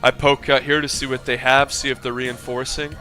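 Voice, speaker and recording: A man's voice: medium pitch, level tone, fairly quick, bright, forceful tone, soft background music. A man commentating his own game match with brash, profane ranting asides. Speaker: gameplay commentator.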